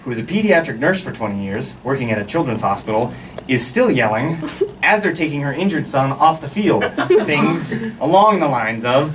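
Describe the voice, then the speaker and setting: A young man telling a stand-up story on a club stage, animated and lively, mimicking the people in it. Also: mid-range voice, moderate pace. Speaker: stand-up comedian. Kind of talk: stand-up comedy set. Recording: distant mic with background noise.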